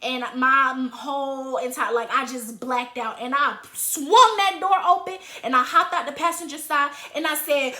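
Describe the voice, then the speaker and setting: A young woman vlogger telling an animated, heated story. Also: sits high, unhurried, few pauses. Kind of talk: storytime vlog. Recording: roomy echo.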